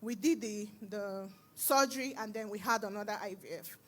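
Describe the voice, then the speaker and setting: A woman from Edo, Nigeria, with a Nigerian accent, giving a church testimony in an animated, storytelling way and acting out the conversations she recalls. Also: medium pitch, moderate pace. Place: church service.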